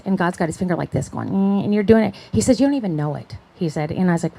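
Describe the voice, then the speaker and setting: A woman's voice: medium pitch, a little fast, few pauses, darkish tone, poor audio. A middle-aged woman giving a personal testimony talk, chatty, acting out the voices of people she quotes and often checking in with "right?". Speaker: conference speaker.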